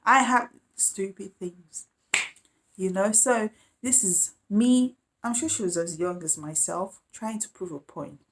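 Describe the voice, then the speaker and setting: A woman telling a casual storytime, lively and acting out the other people's voices. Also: medium pitch, a little slow. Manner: animated, acts out quoted voices. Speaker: vlogger.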